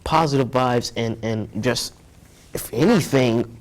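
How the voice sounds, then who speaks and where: A man's voice: mid-range voice, slow. A young man telling a story as an interview guest, rambling and earnest, often repeating himself.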